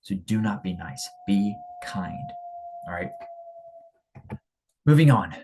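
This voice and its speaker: A man's voice: lowish voice, animated, takes it slowly, background noise. A young man giving a casual motivational talk, blunt and emphatic, often repeating himself. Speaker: speaker on men's character.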